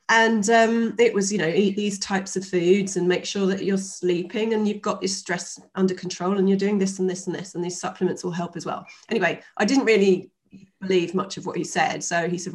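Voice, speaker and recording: A woman in her fifties, a guest in a relaxed interview, tells her story in a chatty, animated way full of fillers and restarts. Her mid-range voice moves fairly quickly.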